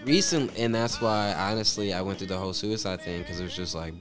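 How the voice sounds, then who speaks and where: Deep-voiced man rambling over music. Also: a little fast. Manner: rambling, filler-heavy, profane. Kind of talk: casual storytelling chat.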